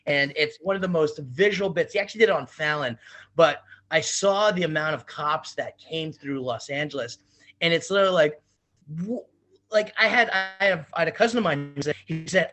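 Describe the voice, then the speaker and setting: A man's voice: fairly high pitch, brisk, pushed and bright. A man co-hosting a podcast, rambling through loose anecdotes full of fillers. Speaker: podcast co-host. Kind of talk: casual podcast chat.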